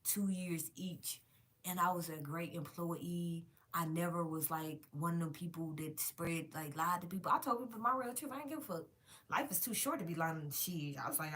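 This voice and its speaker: A woman's voice: deep voice, fairly bright tone. A woman vlogging to her viewers in a casual, emphatic and profane rant, calling them y'all.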